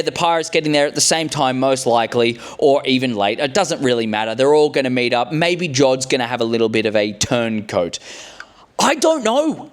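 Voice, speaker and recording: A man chatting casually as he recaps a show, rambling and restarting his sentences with blunt, cheeky remarks. His voice sits a little higher than most men's.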